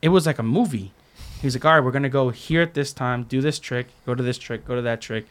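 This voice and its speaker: A man's voice: medium pitch, fast. A man chatting casually as a podcast guest, telling stories and acting out quotes, with lots of "like" filler. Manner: storytelling, acts out quotes, many likes. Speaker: podcast guest, skate filmer. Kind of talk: casual chat.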